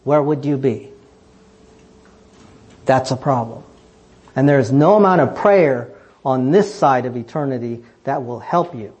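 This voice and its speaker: A man preaching a sermon, asking pointed rhetorical questions and swinging between fervent high emphasis and quiet, low asides. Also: lively intonation, unhurried, long pauses, husky, highs cut off. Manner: emphatic, rhetorical questions, rising passionately then dropping low.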